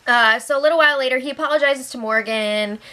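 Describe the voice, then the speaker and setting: A woman's voice: sits high, fast, bright, forceful tone. A woman hosting a casual spoilers recap to camera, chatty and giggly as she acts out what others said. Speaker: host of a reality show recap channel.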